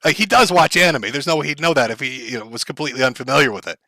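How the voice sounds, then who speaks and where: A man's voice: medium pitch, racing, sharp tone, dry recording. A man commenting on a clip for his stream chat in a blunt, profane, lecturing way.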